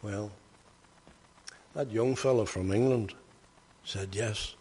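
A man's voice: mid-range voice, animated, measured pace, husky, long reverb tail. An older man, preaching by telling stories in a folksy, anecdotal way that rises to emphatic bursts. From Northern Ireland. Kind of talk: sermon storytelling.

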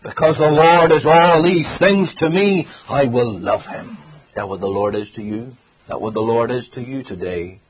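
Earnest preacher on a dull radio broadcast. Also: male voice, medium pitch, normal speed, husky. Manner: earnest, swells and drops in volume for emphasis. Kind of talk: sermon.

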